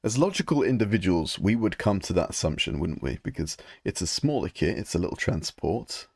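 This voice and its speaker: Low-voiced British man chatting while painting. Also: big pitch swings, brisk, gravelly, hardly any pauses, slightly rough, dry recording. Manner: rambling, swearing, mock-grumbling, chatty. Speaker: live stream host painting miniatures. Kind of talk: casual live stream chat.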